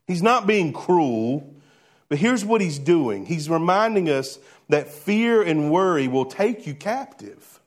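A male pastor with a high voice preaches a sermon conversationally. He poses rhetorical questions and shifts between hushed and emphatic delivery.

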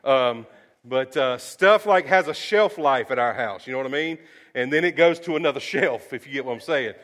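A middle-aged man preaching a sermon, folksy and storytelling, swinging between lively asides and quiet, earnest drops. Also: medium pitch, normal speed. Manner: folksy, storytelling, animated with sudden soft drops. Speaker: pastor.

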